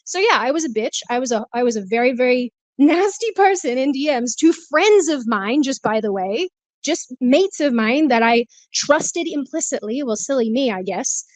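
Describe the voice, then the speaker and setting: Woman spilling her side, stressed and a bit breathless, higher voice, dry sound. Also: animated, moderate pace, darkish tone, no echo. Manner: emotional, confessional, laughs often. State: stressed, out of breath while walking. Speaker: guest. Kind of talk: candid conversation. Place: walking, then sitting, on a remote call.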